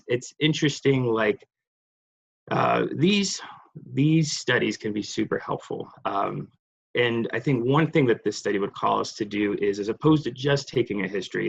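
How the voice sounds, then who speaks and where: A gravelly, slightly rough male voice delivers a clinical lecture online alongside slides. He wanders, filling gaps, restarting and apologizing, all through muffled, low-quality audio.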